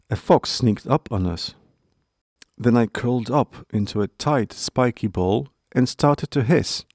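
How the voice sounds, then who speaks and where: A man voicing a calm, caring father hedgehog who speaks tenderly and soothingly. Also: mid-range voice, no room sound, studio quality.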